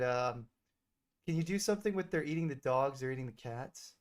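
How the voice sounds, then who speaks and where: A man's voice: mid-range voice, animated, brisk. Playful teasing male streamer. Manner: playful, teasing, hesitant with many fillers. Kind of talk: casual gaming chat with an AI character.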